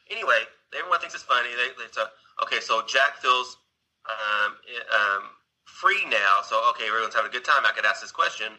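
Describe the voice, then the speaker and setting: A man's voice: on the low side, lively intonation, brisk, sharp tone, rough recording. A man casually retelling a film scene, rambling along with restarts and asides to his listener. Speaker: storyteller.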